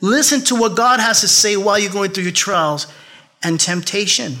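A pastor preaching a sermon, emphatic and repetitive, with laughing asides. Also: male voice, high voice, moderate pace, bright, forceful tone. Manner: laughs at his own jokes.

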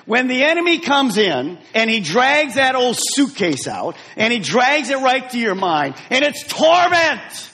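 A man's voice: very high-pitched, sing-song, measured pace, hardly any pauses, sharp tone, husky, long reverb tail. A man preaching a sermon as pastor, emphatic and direct, having the congregation repeat lines after him. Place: church sanctuary.

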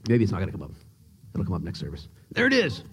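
A male pastor preaching a sermon in a church, joking and excitable as he tells stories. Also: low-pitched, fast talker, slightly rough. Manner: animated, joking, excitable storyteller. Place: church sanctuary.

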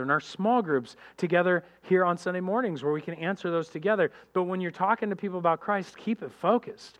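A man preaching a sermon as pastor, animated and addressing the congregation directly, acting out characters in quick voices. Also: sits high.

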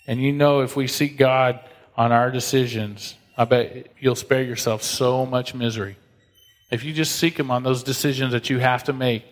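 A man preaches a conversational sermon in a mid-pitched voice. He reads scripture aloud and acts out God's voice. Long reverb from a large hall trails each phrase. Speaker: pastor.

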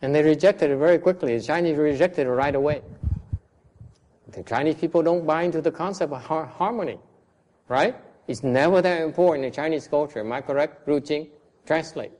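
A man's voice: on the high side, a little fast, a little mellow. A man whose first language is Vietnamese, teaching a class in a blunt, questioning way. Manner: blunt, questioning, switches between English and Vietnamese. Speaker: Buddhist teacher.

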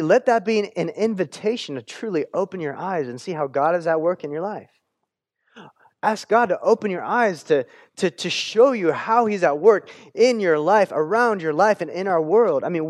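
Male pastor, conversational sermon, a bit high-voiced, dry close sound, restarts often, lively when quoting. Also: no room sound. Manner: conversational, repeats words when restarting, quotes scripture with animated voices.

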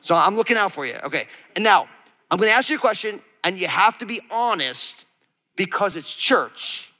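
A man's voice: high-pitched, expressive, moderate pace, sharp tone. A man in his thirties preaching a sermon, playful and conversational, asking his congregation questions and acting out quotes. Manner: playful, acts out quotes, asks the crowd. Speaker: pastor. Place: large church hall. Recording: reverberant church hall.

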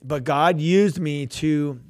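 A man co-hosting a radio show, telling a personal ministry story in casual chat, animated and full of restarts, acting out quoted voices. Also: fairly high pitch, slow pace.

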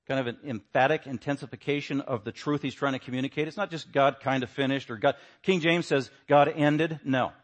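A man teaching a Bible lesson, stressing words and swinging between quiet asides and louder points. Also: medium pitch.

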